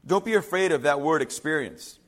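A man's voice: on the high side, brisk. A man preaching a sermon, emphatic, repeating key phrases and putting questions to the congregation. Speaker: pastor.

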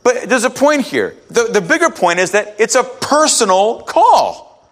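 A man's voice: extremely high pitch, big pitch swings, a little slow, a bit bright. A man preaching a sermon, reading scripture aloud and restarting his sentences as he explains it. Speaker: pastor.

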